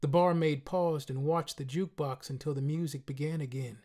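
A man narrating a literary short story in the first person, in a quiet, measured, somber way. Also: fairly high pitch, fairly even intonation. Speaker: reader.

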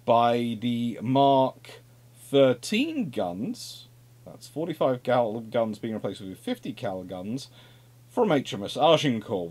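A man giving an informal naval history lecture in a lively, conversational way, with asides and repeated phrases. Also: mid-range voice.

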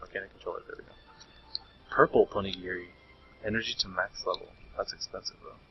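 Deep, steady, and fast, the voice belongs to a young man doing casual gameplay commentary on a handheld game. He's chatty with a friend, reads menu text aloud, and laughs frequently, and the lo-fi stream audio has faint game music plus a little hiss or hum.

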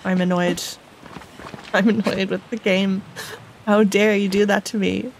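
A woman's voice: mid-range voice, level tone, measured pace, a little hiss or hum, rough recording. A woman giving casual commentary while playing a video game, talking in an upset, indignant way and swearing. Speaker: let's play gamer.

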